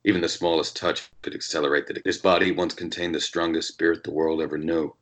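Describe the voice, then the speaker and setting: A man reading as a jaded, hard-drinking male noir detective in an American accent, in measured, brooding first-person narration. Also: very deep voice, level tone.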